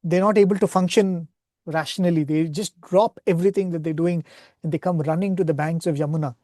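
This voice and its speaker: Brief: earnest male retreat speaker, mellow tone, dry close sound, devotional storytelling. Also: on the high side, fairly even intonation, fairly quick, no room sound. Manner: earnest, retells scripture stories, often asks "right?".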